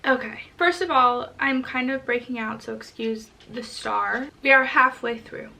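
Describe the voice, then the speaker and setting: A woman vlogger chatting casually on camera, excitable and rambling as she gushes over what she has read. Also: a little high, unhurried, creaky. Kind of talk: casual reading vlog chat.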